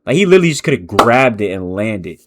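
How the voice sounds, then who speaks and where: A man streaming his reaction to basketball highlights, calling plays out loud, swearing and getting excited. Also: fast, noisy background. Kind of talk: casual live reaction commentary.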